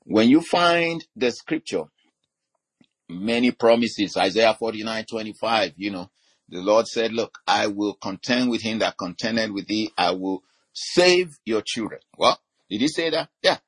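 A man preaching a teaching sermon, his voice low and a little husky. He strings scripture references together with frequent "you know" fillers. He slows right down to lean on the words that matter. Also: animated. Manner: slows and stresses key words.

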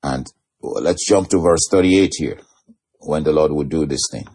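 A man's voice: a bass voice, moderate pace, a little mellow, slightly rough. A man preaching a sermon, laughing often and drawing out key phrases for emphasis.

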